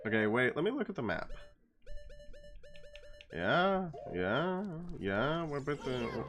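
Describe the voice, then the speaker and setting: A man's voice: medium pitch, sing-song, slow pace, long pauses, a bit bright, soft background music. A man casually chatting while streaming a video game, rambling and playful, slipping into silly voices. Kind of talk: casual gameplay commentary.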